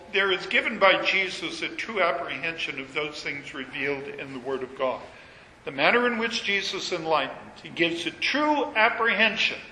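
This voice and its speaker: A man delivers a sermon in a high, bright voice, reading old scripture wording and swelling into emphatic peaks. His words carry into a roomy hall with a long trailing reverb. Faint room ambience sits underneath. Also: a little hiss or hum. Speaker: preacher.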